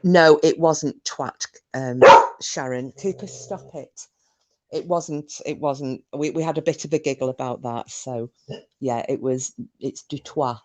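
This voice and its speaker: A woman's voice: very deep voice, fairly even intonation, unhurried, darkish tone. A woman hosting a live stream, rambling in casual chat with plenty of fillers and breaking off to greet viewers by name. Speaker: livestream host.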